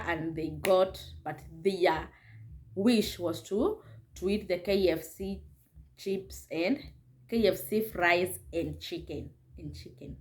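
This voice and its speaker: A woman, a vlogger casually telling a story in an animated way, laughing often and slipping into Swahili phrases. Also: mid-range voice. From Kenya.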